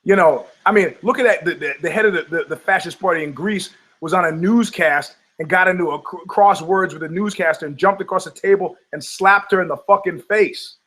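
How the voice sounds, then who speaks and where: A man's voice: high voice, brisk, few pauses. An older man hosting a talk show, ranting in a casual, profane way and acting out the voices of people in his stories. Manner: animated storytelling, acting out quoted voices, profane. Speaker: podcast host.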